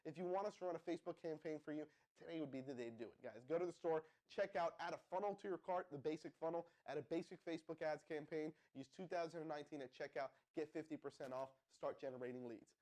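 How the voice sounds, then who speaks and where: Casting note: young male live-stream host, energetic hype pitch, slightly higher voice, keeps firing questions at the chat. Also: fast talker, few pauses. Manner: pumped-up, addresses viewers as guys, asks the chat to respond. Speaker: livestream host.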